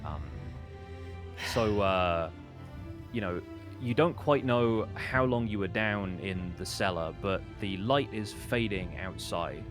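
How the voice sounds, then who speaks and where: A man's voice: lowish voice, slow, over music. A man narrating a tabletop role-playing game as dungeon master, casual and filled with ums and restarts.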